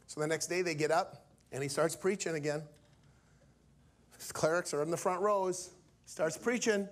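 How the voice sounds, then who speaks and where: A male preacher telling a story from the pulpit in an animated way, acting out each character's lines. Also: high-pitched, normal speed. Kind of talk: storytelling sermon.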